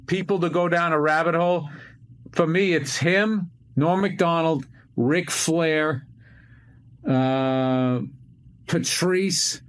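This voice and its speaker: A man's voice: fairly high pitch, a bit bright. A man guesting on a video call chat, rambling and reflective, with frequent swearing and restarts. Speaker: comedian guest. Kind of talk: casual chat.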